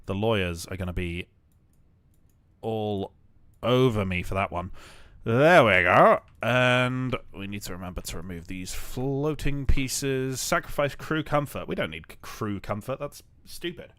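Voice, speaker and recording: A man's voice: on the low side, a little slow, no echo. A young man who develops games, streaming casually as he works and keeping up a joking, rambling self-talk full of fillers. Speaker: game developer streaming his work. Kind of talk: casual live-stream commentary while building.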